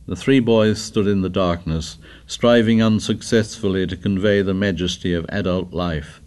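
A man narrating a story in a measured, dramatic reading. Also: sits low, fairly even intonation, darkish tone. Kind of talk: scripted narration.

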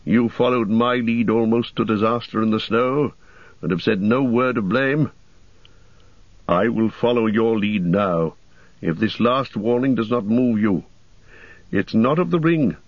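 A man's voice: lowish voice, a little slow, dry recording. A man voicing a grim, weary male ranger in a storybook reading, speaking heavily and urgently. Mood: heavy. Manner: heavy, urgent. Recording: dull dry audiobook recording.

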